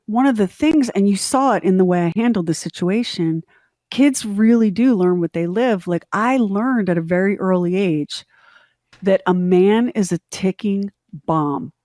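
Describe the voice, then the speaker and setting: A middle-aged woman co-hosting a podcast, telling a story in candid, animated casual chat and acting out the quotes. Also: fairly low pitch, no room sound, studio quality. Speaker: podcast co-host.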